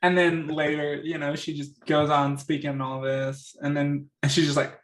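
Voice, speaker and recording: Laid-back man with a higher voice. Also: level tone, moderate pace. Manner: laid-back, chuckling often. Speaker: movie reviewer. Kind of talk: casual chat.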